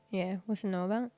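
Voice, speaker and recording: A woman's voice: mid-range voice, muffled recording. Rambling woman streamer with a sore throat. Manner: rambling, many fillers and restarts. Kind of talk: casual stream chat.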